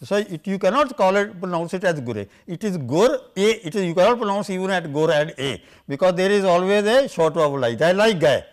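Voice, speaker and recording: An older man lecturing on how scripture words should be pronounced, halting and filling pauses with "uh" and "you see". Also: sits high, lively intonation. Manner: halting, many fillers, keeps saying "you see". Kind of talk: academic lecture.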